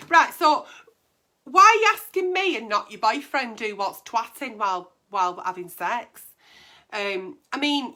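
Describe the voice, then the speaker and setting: A woman's voice: on the high side, pushed and bright. A woman, hosting a casual advice chat in a blunt, brash and sweary way. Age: 40s. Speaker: agony aunt host.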